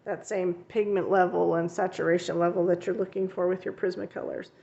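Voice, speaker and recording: A woman's voice: fairly low pitch, little pitch movement, brisk, vocal fry, warm tone, lo-fi sound. A woman who teaches art, chatting casually and rambling a bit as she shows her finished coloring pages in a vlog. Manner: chatty and rambling, with frequent fillers and self-corrections. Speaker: coloring channel host. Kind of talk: casual show-and-tell vlog.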